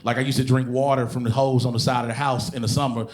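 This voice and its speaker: A man performing a stand-up comedy routine on stage, telling animated, profane stories and bursting into shouted impressions. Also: mid-range voice, fast. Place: comedy stage before a live audience.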